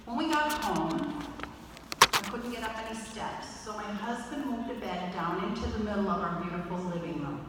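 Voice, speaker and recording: A woman giving a motivational talk, telling stories and engaging a live audience. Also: medium pitch. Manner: animated, audience-engaging storytelling. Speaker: motivational speaker. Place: large hall with audience. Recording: echoey hall from far off, noisy.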